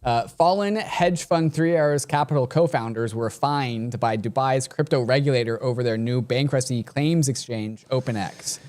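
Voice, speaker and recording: A man co-hosting a podcast, easygoing and chatty. His voice sits at a middling pitch, and he strings thoughts together with frequent filler words. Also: normal speed, few pauses, a little mellow. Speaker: podcast co-host. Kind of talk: casual chat.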